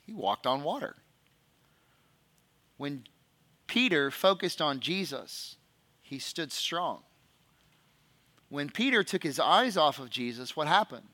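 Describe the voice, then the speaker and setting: Male pastor, sermon delivery, bright tone, slightly high voice, reads scripture and asks questions. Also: big pitch swings, slow pace, pauses often.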